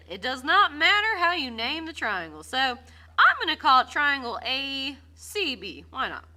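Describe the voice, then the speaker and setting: A woman walks through a geometry lesson, bubbly and quick to poke fun at herself while cheering on her students. Her voice sits high and swings widely in pitch. It has a bright, sharp edge. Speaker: math teacher.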